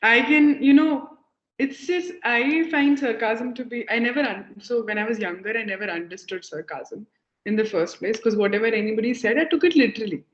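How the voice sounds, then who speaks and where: A young woman teaches English over a video call, chatting freely and laughing as she works through examples. Her voice sits a little high. The call sounds echoey and dull, as if caught in a bare room through a lo-fi line. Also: brisk. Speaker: English tutor. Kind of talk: conversation practice lesson.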